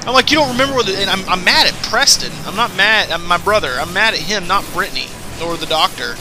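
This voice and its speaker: Over music, a man in his twenties with a high voice talks fast as a gameplay commentator, recording casual let's-play commentary after playing. He rambles and swears as he tells stories.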